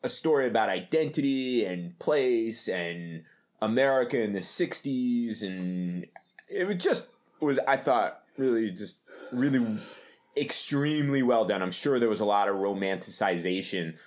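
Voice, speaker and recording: A man's voice: fairly low pitch, expressive, a little slow. A middle-aged man co-hosting a podcast, chatting casually, laughing often and rambling through stories. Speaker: podcast co-host. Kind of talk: casual chat.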